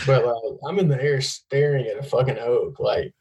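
A young man chats casually, spinning rambling, profane stories. His voice sits at a middling pitch for a man. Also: normal speed, darkish tone, low-quality recording. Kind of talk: casual chat.

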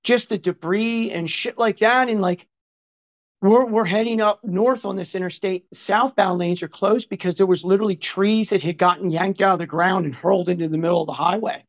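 A man's voice: high-pitched, normal speed. A man in his fifties telling a long story in casual conversation, rambling and swearing, full of asides and quoted remarks. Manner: rambling and profane, many asides and reported speech. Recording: dull lo-fi recording.

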